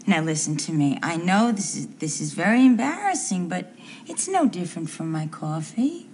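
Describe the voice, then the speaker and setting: A woman's voice: lowish voice, sing-song, darkish tone, a little hiss or hum. Mary Hartman, a stammering housewife. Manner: hesitant, stammering, halting. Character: confused, earnest small-town housewife. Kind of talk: 1970s TV soap acting.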